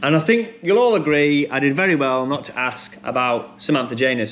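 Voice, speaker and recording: A man hosting a pub quiz, chatty and rambling with many ums and restarts, who reads each question and then repeats it slowly. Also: on the high side, animated, fairly bright tone, slight background noise. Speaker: quiz host.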